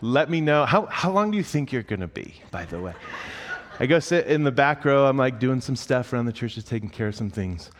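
A man's voice: mid-range voice, animated, brisk, slight background noise. A young man on a church staff delivers a sermon and slips into a rambling, self-mocking story. His voice sits in an ordinary middle register, and a long reverb trails behind his words as if he were in a large hall.

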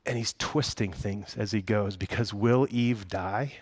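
A man's voice: on the low side, a little slow, hardly any pauses, no room sound. A man preaching a sermon as pastor, conversational and full of rhetorical questions.

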